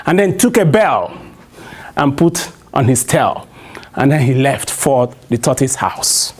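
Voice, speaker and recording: A man's voice: mid-range voice, sing-song, a little slow. A man with a Nigerian accent telling a traditional story to a live audience, prompting them with call-and-response questions.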